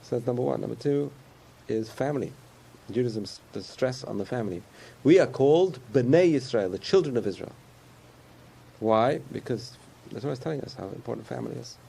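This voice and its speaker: Gravelly man giving a casual sermon. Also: medium pitch, animated, fairly quick, dark tone, a little hiss or hum. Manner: conversational, repetitive, chuckles often.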